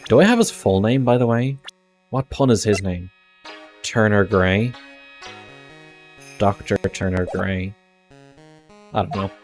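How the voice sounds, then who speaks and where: A man's voice: lowish voice, measured pace, long pauses. Dry, sarcastic man streaming a game. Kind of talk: casual let's-play commentary and reading game text aloud. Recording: game music playing behind.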